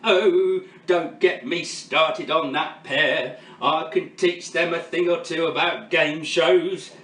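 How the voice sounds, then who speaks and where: A man's voice: on the high side, fairly even intonation, slow, fairly bright tone, echoey room, distant mic. A man playing a teasing veteran game-show host in his late eighties, firing off showbiz quips in a comedy sketch. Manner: quipping, teasing, showbiz patter.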